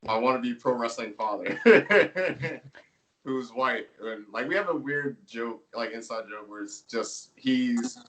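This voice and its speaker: Laid-back wrestler telling stories, slightly distant. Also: male voice, medium pitch, animated, slow, a bit bright. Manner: laid-back storytelling, laughs often, filler words. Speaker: pro wrestler guest. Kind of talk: casual interview chat.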